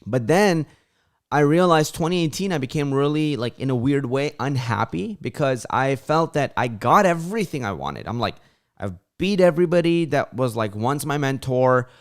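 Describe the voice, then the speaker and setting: A man's voice: mid-range voice, lively intonation, moderate pace. A young man hosting a casual livestream, talking loosely with lots of "like" fillers and acting out his friends' voices when he tells stories. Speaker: channel host on a livestream.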